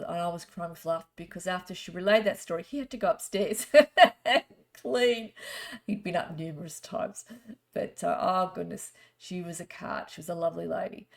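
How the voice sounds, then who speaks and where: Woman, middle-aged psychic, low gravelly voice, chatty rambling card reading. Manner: chatty, rambling, gently spiritual. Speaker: psychic reader. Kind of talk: casual storytelling and card reading.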